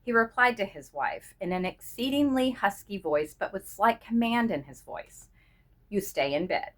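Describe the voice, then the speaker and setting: A woman reading a short story aloud in a measured, expressive narrating manner. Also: a little high. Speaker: reader.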